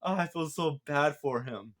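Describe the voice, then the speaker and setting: A man giving a casual spoken movie review, retelling the plot in a rambling, excitable way with lots of restarts. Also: on the high side, moderate pace.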